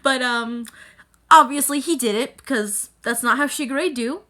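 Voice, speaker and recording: Young woman ranting about her show on a vlog, kinda high voice, super bright and punchy, lots of ums. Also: moderate pace. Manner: excitable, emphatic, rambling with fillers. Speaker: anime reviewer YouTuber. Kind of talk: casual reaction vlog.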